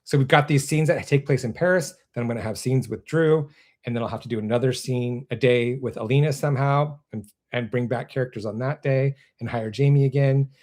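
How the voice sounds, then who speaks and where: A man hosting a casual live stream from his computer, rambling and interrupting himself, laughing often, with his voice going a bit hoarse. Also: medium pitch, fairly quick, a little mellow. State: losing his voice. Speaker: actor and web series creator hosting a live stream.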